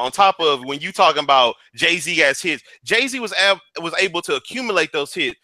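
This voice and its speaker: Insistent bright-voiced male co-host. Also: on the high side, lively intonation, normal speed, dry recording. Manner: insistent, argumentative. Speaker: radio show co-host. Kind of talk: casual debate. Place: radio studio.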